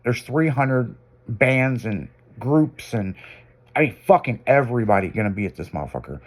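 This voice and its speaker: A man casually telling a long anecdote, profane and animated, acting out what people said. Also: mid-range voice, moderate pace, slightly rough. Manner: profane, animated, acts out quotes. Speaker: guest storyteller. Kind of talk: casual storytelling.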